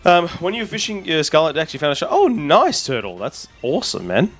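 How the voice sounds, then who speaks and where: A man, a streamer, chatting casually and excitably with his audience while rambling on. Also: a little high, a little fast. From Australia. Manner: excitable, rambling, talks to chat. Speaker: streamer and content creator. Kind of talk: casual live-stream chat.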